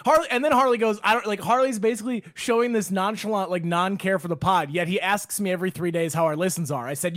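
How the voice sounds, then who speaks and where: A man hosting a podcast, ranting in heated, fast banter with his co-hosts and breaking into laughs. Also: high voice, a bit bright, no echo, studio quality. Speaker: podcast host.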